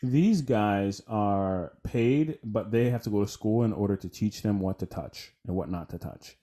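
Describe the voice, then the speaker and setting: A man's voice: fairly low pitch, measured pace, warm tone. A young man co-hosting a podcast in casual chat, laid-back, laughing often and swearing freely. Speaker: podcast co-host.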